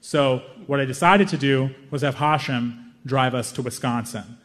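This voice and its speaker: A young man telling a long comic story on stage, self-mocking and animated, with quick asides. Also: medium pitch, in a large hall, slight background noise. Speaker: stand-up comedian. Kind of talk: stand-up storytelling.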